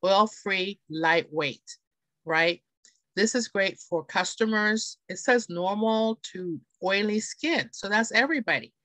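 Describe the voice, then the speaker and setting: A woman's voice: mid-range voice, slow, fairly bright tone, dry recording. A woman presenting beauty products in a chatty, enthusiastic way, often checking in with her audience. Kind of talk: live product demonstration. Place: home, on camera.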